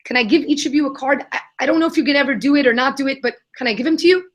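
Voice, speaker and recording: A young adult woman answering questions in a live Q&A, telling an animated story and acting out the voices of the people in it. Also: sits high, very fast. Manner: animated, acts out quoted voices. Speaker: guest, kindness nonprofit founder.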